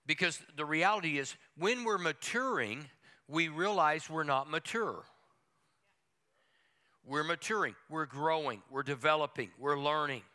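A man's voice: mid-range voice, sharp tone. A middle-aged man, a pastor, preaching a folksy and humorous sermon with playful asides to the congregation.

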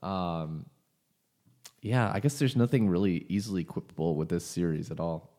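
A man's voice: low-pitched, normal speed, dark tone. A young man hosting a casual podcast, talking in an opinionated, rambling way. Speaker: podcast host.

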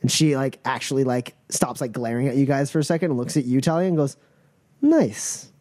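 A man narrating a tabletop role-play session as game master, in a relaxed, laughing way. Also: mid-range voice, fast, no room sound.

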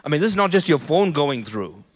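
A man preaching a sermon in a church, animated, often repeating words and building to loud peaks. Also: on the high side, brisk. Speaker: pastor. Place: church hall.

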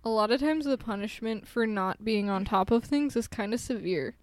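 A woman's voice: on the high side, lively intonation, moderate pace, no room sound. A woman in her twenties co-hosting a podcast, chatting casually, giggly and playfully self-mocking. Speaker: podcast co-host. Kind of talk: casual chat.

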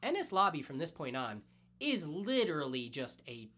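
A man co-hosting a podcast, excitedly retelling a story in casual chat and swearing freely. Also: on the high side, moderate pace. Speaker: podcast co-host. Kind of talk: casual anime recap chat.

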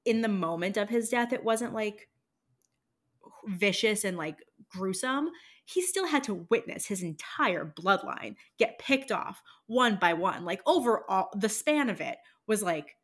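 A woman co-hosting a podcast, chatting casually in a relaxed, thoughtful way with some swearing. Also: medium pitch, measured pace. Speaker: podcast co-host. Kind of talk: casual chat.

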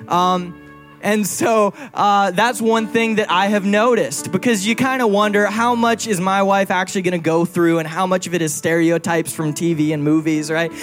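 A man's voice: high voice, steady tone, normal speed, faint music behind. A young man preaching a sermon to a congregation, conversational and playful, teasing his wife. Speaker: pastor. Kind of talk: sermon with personal stories. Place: church before a congregation.

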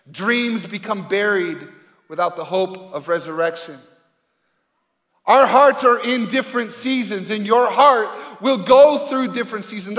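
A man's voice: high-pitched, fairly bright tone. A man preaching a sermon as a pastor, speaking earnestly and conversationally with rhetorical questions to the congregation. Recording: reverberant hall.

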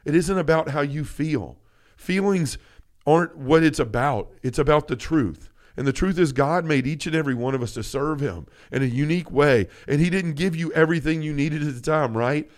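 A faith podcast co-host in his thirties speaks at a moderate pace in a fairly high-pitched voice. He comes across as earnest and full of feeling, with many restarts.

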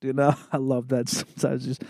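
A man's voice: mid-range voice, completely flat delivery, moderate pace, creaky, dark tone, no echo, studio quality. A man hosting a podcast in casual chat. He talks loosely, swears often and laughs a lot. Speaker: podcast host.

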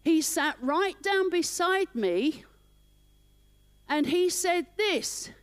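A woman's voice: very high-pitched, lively intonation, drawn-out words, no echo. A middle-aged woman minister telling her personal story in church, emotional and conversational.

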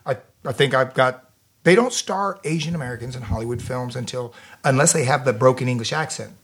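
A man's voice: medium pitch, a little fast, fairly bright tone. A middle-aged man from Florida with a Southern US accent, a podcast guest who talks emphatically, repeating and restarting phrases. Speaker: guest, actor and martial artist. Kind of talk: casual podcast chat.

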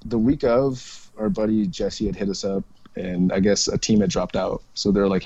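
A man's voice: lowish voice, fairly even intonation, a little fast, mellow, no echo, muffled recording. A man chatting casually about airsoft games, swearing freely and laughing often. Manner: profane storyteller, laughs often. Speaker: airsoft player and podcast regular. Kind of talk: casual chat.

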